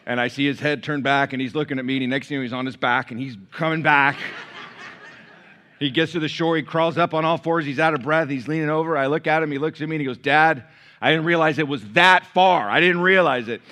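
A man's voice: a little high, fairly even intonation, quick pace, fairly bright tone. A middle-aged man preaching a sermon as pastor, telling stories with quoted dialogue and asides to the congregation.

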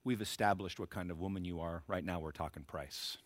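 A man voicing a wealthy businessman in a told story, speaking low, hushed and matter-of-fact. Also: fairly even intonation, brisk, no room sound, close to an everyday voice. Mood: blunt. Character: wealthy older businessman, cool and blunt.

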